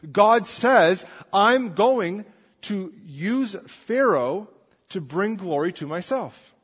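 A man's voice: high-pitched, slightly rough. A man preaching a sermon in a conversational way, often checking in with his listeners. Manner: conversational, asks the congregation "right?" often. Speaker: pastor. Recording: dull sound with long hall reverb.

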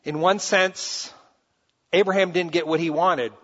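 Male preacher, animated delivery, rather high voice; dull recording in a reverberant church. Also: a little slow. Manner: animated, rises high and loud for acted quotes, drops soft for scripture. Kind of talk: sermon. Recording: dull sound with long hall reverb.

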